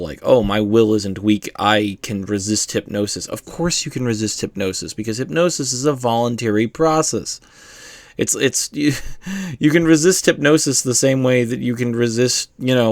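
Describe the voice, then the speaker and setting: A man's voice: medium pitch, dry recording. A man giving a casual, rambling explanatory monologue as host, full of fillers and the odd swear word.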